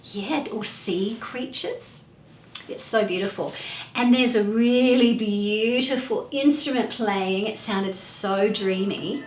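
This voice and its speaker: A woman's voice: medium pitch, slow, roomy sound, a little hiss or hum. A woman hosting a children's music class, asking playful questions in a sing-song way.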